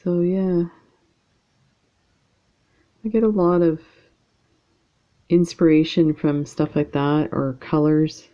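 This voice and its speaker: A woman's voice: low voice, flat delivery, slow, pauses often, lo-fi sound. A woman with a casual, rambling way of talking, chatting to viewers while she works on a beading project at home. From Canada. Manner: rambling, chatty, lots of fillers. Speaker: beading channel host.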